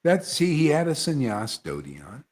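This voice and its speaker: A man leading an informal devotional gathering, who talks in a loose, animated way, breaks into chuckles and mocks other people in put-on voices. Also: a little high, normal speed. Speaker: spiritual teacher leading satsang.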